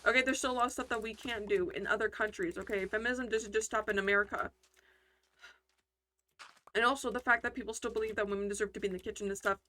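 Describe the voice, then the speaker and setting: A woman's voice: medium pitch, fairly even intonation, fast talker, pushed and bright. A woman hosting casual gameplay commentary, talking in a rambling, heated way with lots of fillers and restarts. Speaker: gaming channel host.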